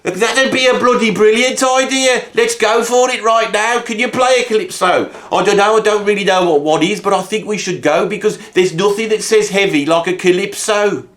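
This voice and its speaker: A man voicing boisterous young male rock bandmates joking in the studio, in rowdy, excitable banter. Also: high voice, normal speed, few pauses, roomy sound, voice pushed up.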